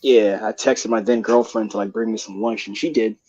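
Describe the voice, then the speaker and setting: A man's voice: on the low side, fairly even intonation, a little fast, a little mellow, dry recording. A young man casually telling a long story on a live panel show, rambling, laughing and swearing with heavy slang. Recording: dull lo-fi live stream audio.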